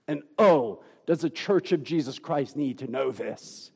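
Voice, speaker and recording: Man, pastor, sermon, gravelly, lively rising and falling pitch, long hall reverb. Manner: emphatic, deliberate preaching with dramatic pauses.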